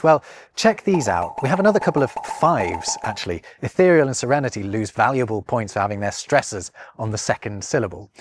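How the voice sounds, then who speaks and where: A man with a British accent hosting a scripted language lesson, playful and wry, leaning hard on the words he discusses. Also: mid-range voice. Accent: British English. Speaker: language video host. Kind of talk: scripted educational narration.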